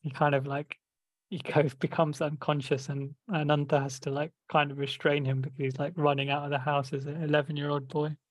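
A man guides a casual group discussion in a somewhat high voice with little melody. He hesitates and restarts his sentences, and the sound is dry with no room echo. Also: flat delivery, a little fast. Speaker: discussion leader.

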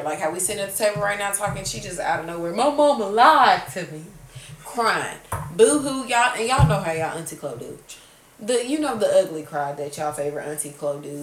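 A woman in her twenties hosting a casual podcast chat, telling a story animatedly with lots of swearing and acted-out outbursts. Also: fairly low pitch. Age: 20s. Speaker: podcast host. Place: room at a kitchen table. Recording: roomy sound, from far off the mic, faint noise.

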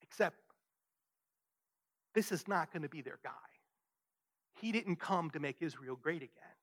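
A man's voice: a little high, animated, a little slow, fairly bright tone. A man preaching a sermon, emphatic and conversational, often asking his listeners "right?". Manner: emphatic, rhetorical questions, frequent "right?". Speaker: pastor.

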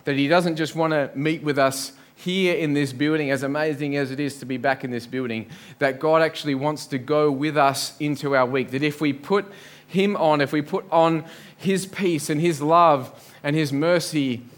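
A man's voice: a little high, moderate pace, few pauses. A man preaching a sermon in a church, earnest, building up lists and rhetorical questions. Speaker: pastor.

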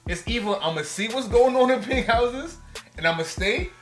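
Lively New man telling a story. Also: very high-pitched, moderate pace, music in the background. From New York. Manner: animated storyteller, laughs between lines. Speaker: guest rapper. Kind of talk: casual podcast chat.

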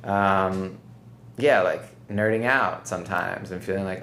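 A low-pitched man hosting a relaxed podcast conversation. He wanders through his thoughts with lots of "like" and "right?", and faint noise hums under the recording. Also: a little slow, creaky. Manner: rambling, reflective, heavy use of "like" and "right?". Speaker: podcast host.

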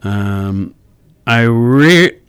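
Slow-talking guy on radio, dry deadpan delivery, mid voice, dead dry studio sound. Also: medium pitch, smooth, no room sound. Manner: slow, dry, reads puns haltingly. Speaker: radio co-host. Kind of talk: casual radio chat.

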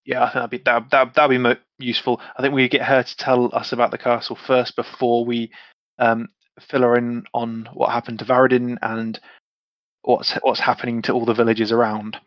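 A man's voice: mid-range voice, level tone, moderate pace, no room sound, lo-fi sound. A man playing a tabletop game with friends, chatty and casual with frequent restarts. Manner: chatty, stumbling restarts, swears. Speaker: player.

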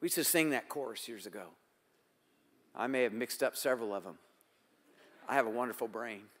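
A man's voice: mid-range voice, brisk, fairly bright tone. Older man, pastor, sermon, rhetorical questions, quoting prayers, church sanctuary, long hall reverb.

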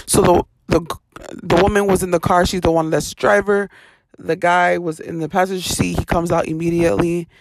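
A woman hosting a podcast, telling casual stories in an animated, expressive way, acting out quoted voices and laughing often. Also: fairly low pitch, brisk, vocal fry, no echo, studio quality. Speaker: podcast host. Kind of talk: casual storytelling monologue.

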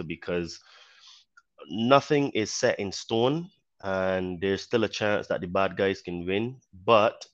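A man from Barbados with a mixed Caribbean and British accent, a podcast guest talking in an earnest, measured way. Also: deep voice, muffled recording. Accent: Barbadian with British influence. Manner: earnest, measured, many you-knows. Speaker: podcast guest, fitness trainer. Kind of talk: casual interview talk.

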